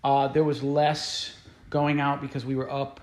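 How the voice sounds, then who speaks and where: A man's voice: mid-range voice, monotone, unhurried, a little mellow, roomy sound. A man who is a guest musician, telling stories in a casual interview, rambling along with many fillers and restarts.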